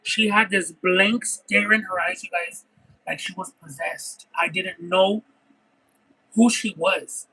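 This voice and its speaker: A man with a high-sitting, gravelly, slightly rough voice takes his time while hosting a casual livestream, eating and reading chat. He tells long, expressive stories stacked with details, and the recording quality is low.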